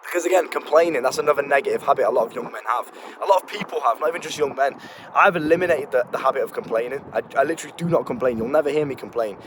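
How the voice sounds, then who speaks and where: In town outdoors, a young man talks to camera very fast at a medium pitch, offering casual motivational advice as a self-improvement coach. He's blunt, slangy, and profane, repeating words while faint street noise hums in the background.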